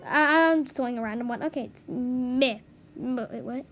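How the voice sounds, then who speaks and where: A woman's voice: high voice, moderate pace, over music. A woman vlogging as she works through a language lesson, puzzled and giggly, sounding out new words to herself. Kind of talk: casual commentary while doing a language lesson.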